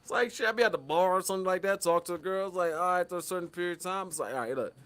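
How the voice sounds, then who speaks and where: A man co-hosting a casual podcast, telling stories in a lively, profane way and acting out the people he quotes. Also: high-pitched, rapid-fire. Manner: animated storyteller, acts out quotes, lots of profanity. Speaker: podcast co-host.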